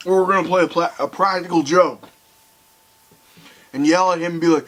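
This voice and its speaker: A young man ranting heatedly to camera, swearing often and swinging between loud outbursts and quiet bitterness. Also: sits high, a little slow, long pauses, a little hiss or hum, poor audio. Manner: heated, swearing, voice rising and falling sharply. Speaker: video commentator. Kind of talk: angry rant to camera.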